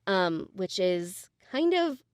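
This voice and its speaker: Woman voiceover actor, mid-pitched, explanatory and full of fillers, dry podcast mic. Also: big pitch swings, takes it slowly, clear, resonant tone, dry recording. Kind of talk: casual chat.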